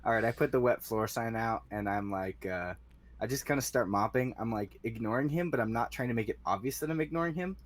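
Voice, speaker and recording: A man's voice: medium pitch, brisk. A man playing a tabletop game, describing his character's actions hesitantly. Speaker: player. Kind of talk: casual tabletop play.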